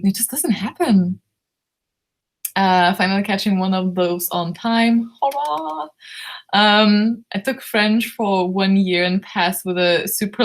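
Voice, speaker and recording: A woman from Lithuania with a hoarse, worn-out voice, hosting a book club live stream and chatting through viewer comments in a drowsy, giggly, rambling way. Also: medium pitch. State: hoarse, losing her voice.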